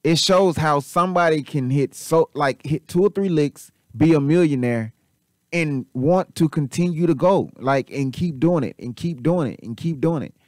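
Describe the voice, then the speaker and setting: A man hosting casual commentary, rambling and repetitive, animated and swearing freely. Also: on the high side, normal speed, dry recording, studio quality. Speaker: channel host.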